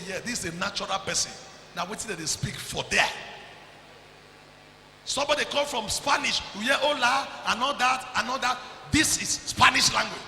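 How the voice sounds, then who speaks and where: A man preaching a sermon as pastor, loud and emphatic, often shouting and slipping into Pidgin. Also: very high voice, gravelly, reverberant, long reverb tail, slight background noise, rough recording. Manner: preaching loudly with frequent shouts and Pidgin asides.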